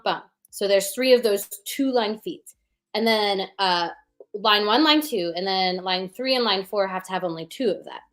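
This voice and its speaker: A woman's voice: mid-range voice, measured pace. Woman guest chatting loosely about her puns, lots of ums and likes. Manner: chatty, many fillers, explains with rhythm sounds. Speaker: pun performer and guest. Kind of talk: casual chat.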